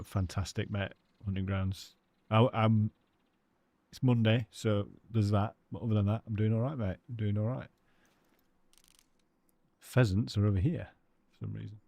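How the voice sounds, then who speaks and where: A man's voice: lowish voice, flat delivery, moderate pace, vocal fry, pauses often, warm tone, no echo. A British man live-streaming a hunting game, chatting casually with his viewers and greeting them by name.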